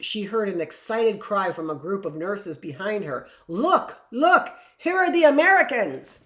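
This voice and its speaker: A woman teacher reads a history book aloud at a mid-range pitch, breaking off now and then for chatty asides. She corrects her own stumbles as she goes, and the room around her gives a roomy echo.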